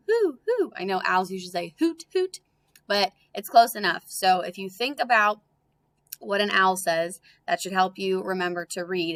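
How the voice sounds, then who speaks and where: A woman teacher giving a recorded phonics lesson to young children, in a bright, encouraging, sing-song voice that stretches out words. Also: medium pitch. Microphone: computer.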